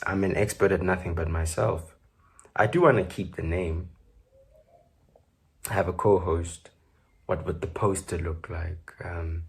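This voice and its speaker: A man's voice: low voice, breathy edge. A South African man with a South African accent, hosting his podcast in loose, joking solo chat full of fillers. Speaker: podcast host.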